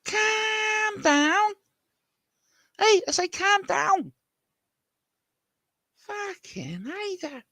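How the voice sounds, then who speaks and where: A man putting on a squeaky mocking calm-down voice. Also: drawn-out words, long pauses, no room sound, clean studio sound, full character voice. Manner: mocking, sweary, repetitive. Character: squeaky exasperated man telling someone to calm down.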